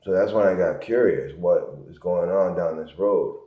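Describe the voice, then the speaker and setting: Low voiced guy from connecticut rambling on and on, muffled lo-fi sound. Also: normal speed. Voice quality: rambling, repetitive, low-key storytelling. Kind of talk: rambling monologue. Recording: echoey, muffled lo-fi room sound.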